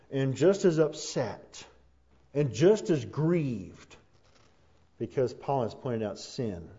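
A man preaching a sermon as pastor, building from conversational asides to loud, fervent passages. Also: mid-range voice, highs cut off.

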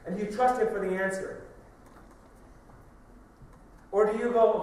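A man's voice: sits high, normal speed, long pauses, a little mellow. A middle-aged man, a pastor, preaching a conversational sermon full of questions and asides. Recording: echoey church hall, from a distance.

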